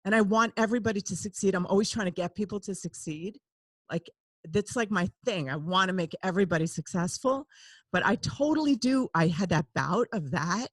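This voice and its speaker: Speaking at a medium pitch and a fairly quick pace, this podcast host talks openly and makes confessions. Frequent laughter punctuates her talk as she shifts from loud outbursts to hushed asides. There's no room sound.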